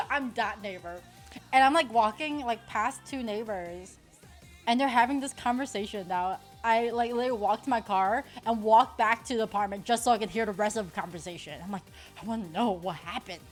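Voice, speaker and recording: A fairly high-voiced young woman streamer chats loosely while she plays poker. She rambles, drops "like" into everything, swears freely and laughs a lot. Soft music runs quietly underneath. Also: lively intonation, normal speed. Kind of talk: casual chat while playing online poker.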